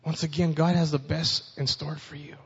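A man preaching a sermon with a fairly high voice, his words ringing out in a long hall reverb. He reads scripture with building force and then talks plainly to the congregation. The sound is a little dull and muffled. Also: little pitch movement, moderate pace, vocal fry, husky.

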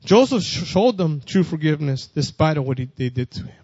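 Man, preacher, fairly high voice, plain unpolished delivery, dry muffled lo-fi recording. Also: very animated, fairly quick, a little mellow, breathy edge, no echo. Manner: plainspoken, repeats and restarts phrases, rises in pitch and volume when reading verses. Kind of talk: sermon reading scripture.

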